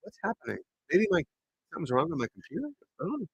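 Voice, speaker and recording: Golf pro guy on a stream, loud and cussing, super lively voice, dry close mic. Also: a little high, fast talker, vocal fry, slightly rough, dry recording, poor audio. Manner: loud, swearing, rambling and frustrated. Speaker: golf pro livestream host. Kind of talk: casual livestream chat. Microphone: desk mic at computer.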